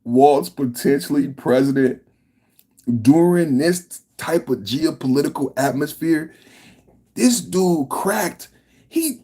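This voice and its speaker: A man hosting a podcast, delivering a political reaction rant in an emphatic, slangy, repetitive way with a husky voice. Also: fairly high pitch, dark tone. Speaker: podcast host.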